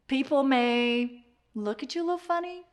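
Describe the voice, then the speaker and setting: A woman with a somewhat high voice delivers a motivational talk. She speaks in an animated way, straight to the listener. She circles back to repeat her key phrases for emphasis. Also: moderate pace.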